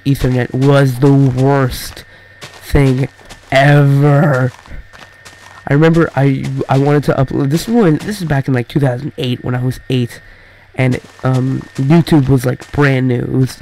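A man's voice: medium pitch, flat delivery, a little mellow, slight background noise, low-quality recording. Rambling teen boy gamer. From Canada. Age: teenager. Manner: rambling, halting, many fillers and restarts. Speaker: gaming YouTuber. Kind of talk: casual gameplay chatter.

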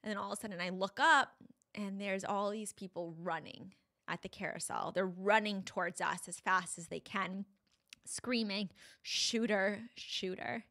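A woman's voice: mid-range voice, fairly even intonation, normal speed, sharp tone. A young woman, a podcast guest, retelling a frightening personal story in a breathless, vivid way full of "like"s.

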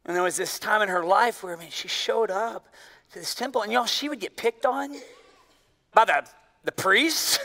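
A man preaching a sermon as pastor, emphatic and animated, often saying "man" and "y'all". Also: extremely high pitch, in a large hall.

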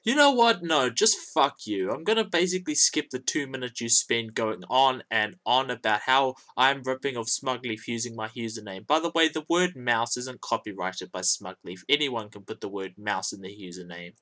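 Man, sarcastic commentator, mocking, profane, mid-range pitch. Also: moderate pace, hardly any pauses, sharp tone. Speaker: YouTube commentator.

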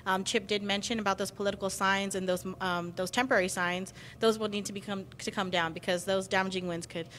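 Woman, quick pace, public safety briefing, faint background rumble. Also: fairly even intonation, a bit bright. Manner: brisk, advisory.

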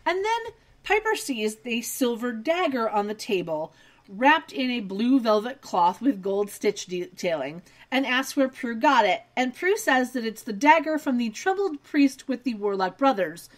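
A woman's voice: fairly high pitch, expressive, unhurried. A young adult woman co-hosting a podcast, recapping a TV episode in casual chat with detailed, wry asides.

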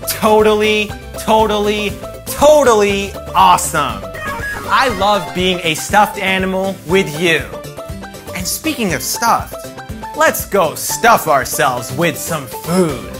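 Upbeat male kids' show host, slow and deliberate, playful, music bed behind. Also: sits high. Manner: upbeat, talks directly to young viewers; playful, acts out animals. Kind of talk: preschool educational presenting.

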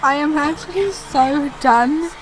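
A woman's voice: sits high, slow, faint music behind. A young woman giving frightened, rambling live commentary on a horror game, often repeating herself and talking to her viewers. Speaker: gaming video creator. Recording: noisy background.

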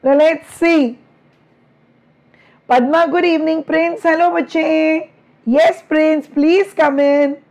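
Indian woman teacher, middle-aged, high and slow, teasing and affectionate, slightly worn throat. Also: steady tone, a little mellow. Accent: Indian English. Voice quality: strained throat from many lectures. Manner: chatty, affectionate, teasing with students. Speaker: online biology teacher. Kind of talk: live online class, greeting students.

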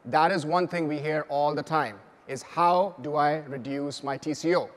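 A man with a fairly high voice presents a keynote in a large conference hall. He explains earnestly and often stumbles over fillers and restarts. A long reverb trails each phrase. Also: normal speed. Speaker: keynote speaker.

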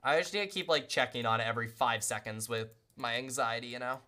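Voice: mid-range voice, fast talker, pushed and bright. A game streamer chatting casually to viewers while playing, self-deprecating and greeting everyone with repeated welcomes. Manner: chatty, self-deprecating, talks to chat constantly.

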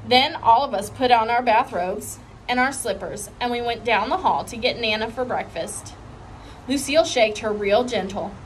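A woman reading a children's chapter book aloud with expressive storytelling. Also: fairly high pitch, normal speed, slight background noise, low-quality recording. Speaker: reader.

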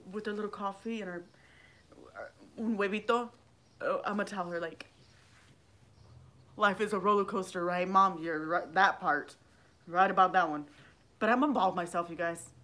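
A woman's voice: mid-range voice, fairly bright tone, slight background noise. A middle-aged woman rambling casually on a livestream vlog, swearing freely and greeting viewers by name. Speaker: livestream vlogger.

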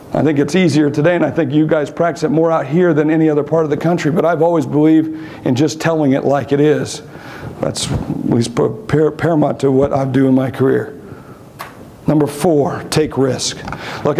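A man's voice: fairly high pitch, a little mellow. A man giving a conference keynote, telling blunt, brash stories with humor. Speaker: keynote speaker. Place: conference stage.

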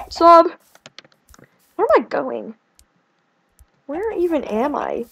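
A young woman chatting casually while playing a video game, rambling and swinging between whiny complaints and excited outbursts. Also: sits high. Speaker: gaming video creator. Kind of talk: casual let's-play commentary.

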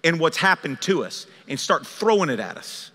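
A man's voice: on the high side, very animated, moderate pace, sharp tone. A man preaching a sermon as a pastor, conversational and emphatic, pushing his voice up for key points in a large church sanctuary. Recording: long church hall reverb.

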